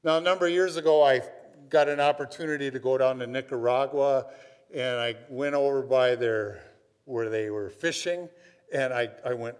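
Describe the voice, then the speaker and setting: A man's voice: medium pitch, normal speed, clean tone. A man from Minnesota preaching a sermon, telling stories in a conversational way and often checking in with "right?". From Minnesota, USA. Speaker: pastor. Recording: long hall reverb.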